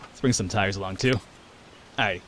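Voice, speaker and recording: A man's voice: low voice, normal speed, a bit bright, a little hiss or hum. A man hosting a let's play, talking through a game with sarcastic jokes and casual swearing. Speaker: gaming channel host.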